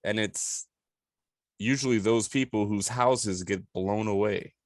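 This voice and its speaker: A man's voice: lowish voice, slow pace, dry recording, clean studio sound. A man from Louisiana with a Southern accent, hosting a podcast and asking blunt, joking questions in casual chat. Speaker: podcast host.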